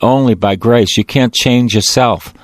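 In an unhurried mid-range voice, a middle-aged man gives a priest's sermon, its rolling cadence circling back on itself as he hammers each point with emphasis. Nothing of the room is audible; the recording is dry and close.

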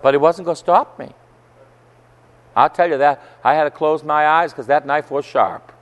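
Priest preaching in an echoing hall. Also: male voice, fairly high pitch, normal speed. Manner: emphatic, preachy storytelling that rises to forceful outbursts. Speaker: Catholic priest. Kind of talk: sermon. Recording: long church hall reverb.

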